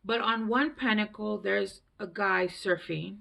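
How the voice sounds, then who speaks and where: A woman's voice: mid-range voice, measured pace, creaky, pushed and bright. A woman giving a casual, rambling tarot reading, chatty and full of fillers. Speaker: tarot reader.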